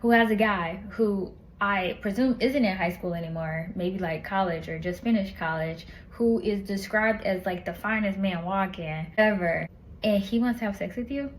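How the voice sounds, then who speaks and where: A woman reviewing a book in casual, animated chat, retelling the plot with slang and lots of asides. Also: medium pitch, moderate pace, slight background noise, low-quality recording.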